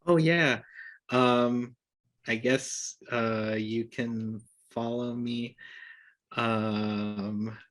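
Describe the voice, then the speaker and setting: A man's voice: lowish voice, fairly bright tone. A man, a film director, answering interview questions over a video call, hesitant with many ums and small laughs.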